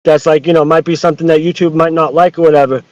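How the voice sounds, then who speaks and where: Brief: rapid-fire, slightly high-voiced man ranting as a podcast guest, profane and full of restarts. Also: level tone, a little mellow, no echo. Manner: heated, profane, rambling with many restarts. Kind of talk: casual podcast chat. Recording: dull lo-fi dry sound.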